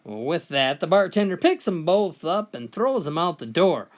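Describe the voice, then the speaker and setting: A man's voice: high-pitched, very animated, moderate pace. A man telling a string of bar jokes in a folksy storytelling manner, often starting with "well". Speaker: joke teller.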